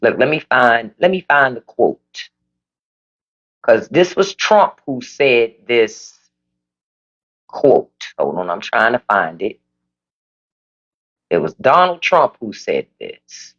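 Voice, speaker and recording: Livestream host, casual chat, blunt and profane, lively pitch, dull phone audio. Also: takes it slowly, pauses often. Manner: blunt, profane political opinions; animated, emphatic. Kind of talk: casual live chat reading viewer comments.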